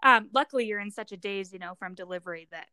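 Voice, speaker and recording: A woman's voice: medium pitch, fast talker, pushed and bright, clear, resonant tone, no echo. A young woman co-hosting a podcast, chatting casually and telling stories with frequent laughter. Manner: chatty, laughs often, storytelling. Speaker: podcast co-host. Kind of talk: casual chat.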